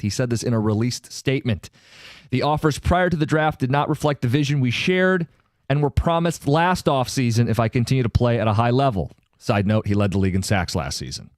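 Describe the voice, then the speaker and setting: A man hosting sports talk radio in a studio, briskly reading listener texts and news statements aloud. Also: mid-range voice, dry recording.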